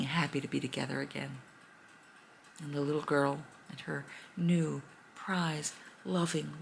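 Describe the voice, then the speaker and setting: Woman storyteller, fairy tale, expressive, gravelly fry, bright tone. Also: sits low, a little hiss or hum, low-quality recording. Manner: animated and expressive.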